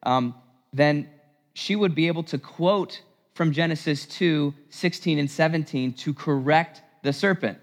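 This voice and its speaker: A male priest preaches with animated emphasis and pointed rhetorical questions, his voice a touch higher than most men's. Long reverb from the church sanctuary trails each phrase. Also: a little slow. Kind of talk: sermon.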